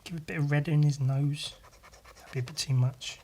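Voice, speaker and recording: A man's voice: a little high, fairly even intonation, normal speed, a little mellow. A man hosting a casual solo podcast, ranting bluntly and sarcastically with lots of swearing while he draws at his desk at home. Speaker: podcast host.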